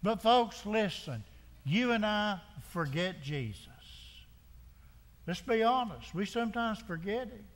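Man, pastor's sermon, high voice, rhetorical questions, long church echo. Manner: repeated rhetorical questions, earnest preaching with restarts. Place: church sanctuary.

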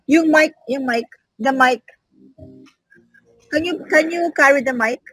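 A woman's voice: high-pitched, measured pace, a bit bright, dry recording, low-quality recording. A woman, the host's mother, chiming in playfully on a casual livestream and reading viewer names.

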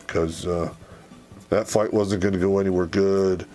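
A man's voice: fairly even intonation, warm tone, faint music behind. A man doing a sheepish hungover sergeant. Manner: low, halting, mumbled. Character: sobered-up male sergeant, sheepish and apologetic.

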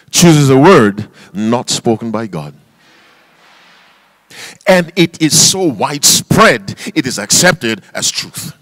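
A male pastor preaches a sermon, quizzing his congregation with call-and-response questions and reading scripture in King James wording. His medium-pitched voice is a bit bright, recorded with no echo, and he speaks emphatically, spelling out words for stress.

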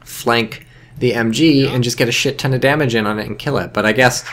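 A man's voice: medium pitch, brisk, fairly bright tone. A man casually commentating a strategy game, chatty and rambling with joking asides. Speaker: game caster.

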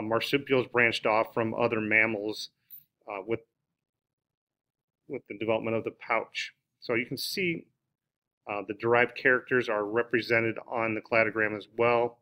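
A man's voice: mid-range voice, sharp tone. A man explaining biology in a recorded lesson, talking off the cuff with many fillers and restarts. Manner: unscripted explaining with frequent "uh" and restarts. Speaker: biology teacher. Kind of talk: recorded classroom lecture.

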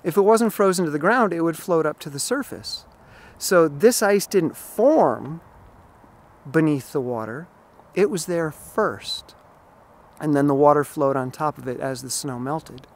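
A man's voice: a little high, expressive, a little slow. Emphatic man vlogging outdoors by a pond. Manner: emphatic, explanatory. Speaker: running vlogger. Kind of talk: outdoor vlog monologue.

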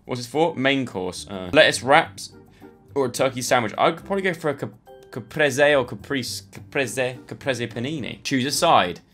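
Chatty lad doing online quizzes. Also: male voice, mid-range voice, expressive, normal speed, fairly bright tone, soft background music. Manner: chatty, self-mocking, thinks aloud. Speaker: YouTuber. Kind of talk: casual commentary playing online quizzes.

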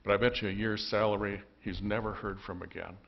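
A man's voice: fairly low pitch, steady tone, a little fast, highs cut off. A man voicing Peter, a blunt, skeptical fisherman who doubts his brother. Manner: gruff, doubting, yelling across water.

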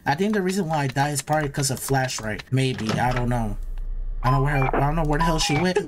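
A man's voice: mid-range voice, expressive, fast, very noisy. A young man giving nervous, repetitive commentary while playing a horror game, hyping himself up. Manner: nervous, repeats himself, hypes himself up. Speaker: gaming YouTuber.

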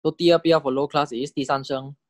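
A man's voice: fairly even intonation, fairly quick, no echo. A man teaching a recorded language lesson, patiently explaining spelling and tones. He often checks in with "correct?" and models each example word several times. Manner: patient, checks understanding with repeated "correct?" and "okay?"; repeats example words several times with rising and falling pitch to model tones.

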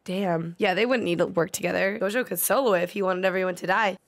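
A woman's voice: fairly low pitch, quick pace. Emotional young woman reacting to anime. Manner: emotional, swearing, gasping and pleading at the screen. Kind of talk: live reaction to an anime episode.

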